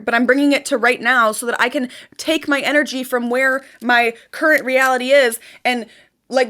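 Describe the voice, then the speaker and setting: Young woman, high voice, emphatic motivational vlogger who repeats lines for punch. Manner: animated, emphatic, repetitive, swears casually. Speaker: manifestation vlogger. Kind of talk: casual motivational vlog.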